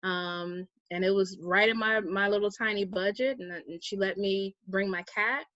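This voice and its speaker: A woman guest telling a personal story in a casual interview, animated and acting out the people she quotes. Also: medium pitch, moderate pace, no room sound, muffled recording. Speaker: guest, vegan activist.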